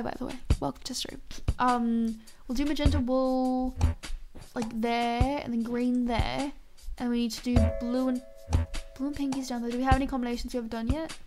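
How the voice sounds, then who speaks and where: A young woman streaming a game, chatting casually with her viewers and swearing freely. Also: high-pitched. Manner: chatty, swears often, talks to chat. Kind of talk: casual live-stream chat while gaming.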